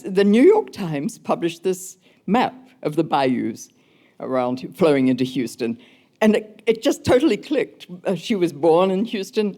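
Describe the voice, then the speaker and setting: An older woman composer speaking in a gentle, thoughtful way in a public conversation, laughing softly as she tells stories. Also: sits low. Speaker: composer guest.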